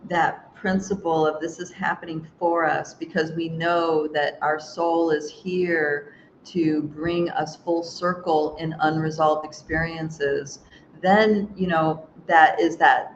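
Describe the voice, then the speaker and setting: A woman's voice: low-pitched, steady tone, slow. A woman hosting a live spiritual chat, reading viewer comments aloud and rambling through a story with frequent laughs and restarts. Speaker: host. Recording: dull lo-fi sound with faint hiss.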